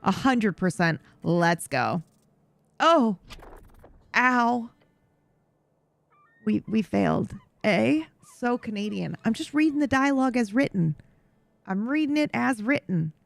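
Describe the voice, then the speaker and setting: A woman streamer giving lively, reactive commentary while playing a game, swearing when caught off guard. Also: a little high, takes it slowly, vocal fry, long pauses, dry recording. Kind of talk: live game playthrough commentary.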